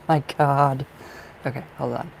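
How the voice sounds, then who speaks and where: A man talking in a casual live-stream chat, his mid-pitched voice carrying a gravelly edge. He is effusive and affectionate, laughing often and restarting his sentences as he speaks to viewers by name. A faint hum sits behind him. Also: fairly even intonation, slow, poor audio. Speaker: tarot reader.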